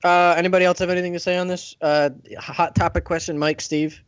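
A man's voice: high voice, flat delivery, quick pace, clean tone, no room sound, dull audio. A man hosting a casual podcast chat, reading out listener questions and laughing often. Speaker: podcast host.

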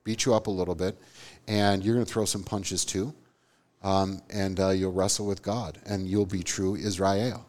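A theology teacher co-hosting a live podcast in front of an audience talks earnestly and with emphasis, frequently tagging on "right?". His voice is deep and somewhat dark, with a level tone and a moderate pace.

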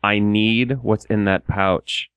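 A man playing a deep-voiced pleading castaway. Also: fairly even intonation, slow pace, a bit bright, clear, resonant tone, no echo. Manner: pleading, bargaining.

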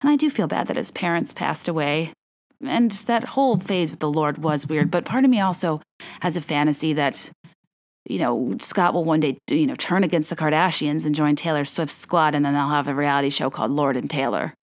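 A young woman hosting a podcast, chatting in a casual, animated rant full of fillers and self-corrections. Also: low-pitched, brisk. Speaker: podcast host.

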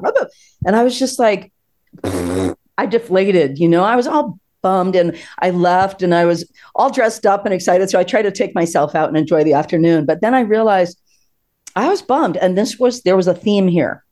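A woman guest on a podcast, telling a personal story in an animated, expressive way and laughing often. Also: fairly low pitch, moderate pace.

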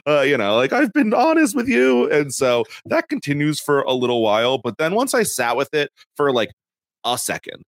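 A man's voice: animated, moderate pace, no room sound, studio quality. A man co-hosting a podcast, chatting casually about a reality show and laughing often. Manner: chatty, laughs often, acts out quotes in high voices. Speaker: podcast co-host. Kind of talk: casual recap chat.

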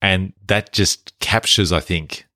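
Male podcast co-host, very deep voice, dry studio sound. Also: takes it slowly, dry recording. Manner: relaxed, conversational, hands out mock awards. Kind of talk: casual film-review chat.

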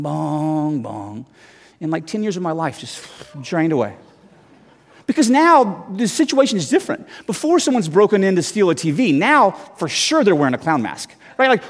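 A man in his thirties, a guest preacher, telling a story in a sermon with lively, self-mocking restarts. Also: high-pitched. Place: church hall. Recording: long hall reverb.

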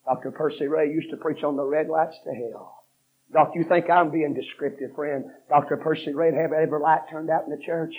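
A man preaching a fiery revival sermon, telling a story that builds from low, quick talk to shouted repetition. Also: steady tone. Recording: dull lo-fi sermon recording.

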